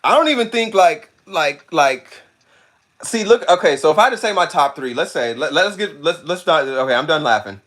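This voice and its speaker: Man, livestream chat, slangy, repeats himself, higher voice, very lively pitch. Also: a little fast. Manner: animated, slangy, repeats himself, breaks into laughter. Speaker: streamer. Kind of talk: casual livestream chat reading comments.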